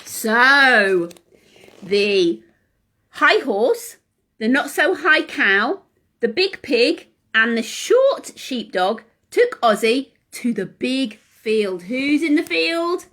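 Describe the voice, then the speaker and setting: A woman reads a picture book to young children in a high, bouncing, sing-song voice. She speaks slowly and keeps pausing to ask the little ones questions. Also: sing-song, sharp tone. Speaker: children's class leader. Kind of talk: reading a story to young children.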